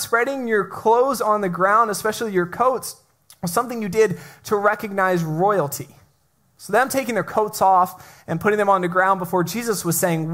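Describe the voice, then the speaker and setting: A man's voice: sits high, fairly bright tone. A male pastor preaching a sermon in a conversational way, with playful asides and frequent restarts. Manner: often repeats the first word of a phrase.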